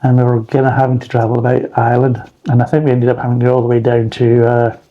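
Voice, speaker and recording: A man's voice: mid-range voice, monotone, fast, highs cut off. A man reviewing beer in a rambling, blunt casual chat, swearing freely.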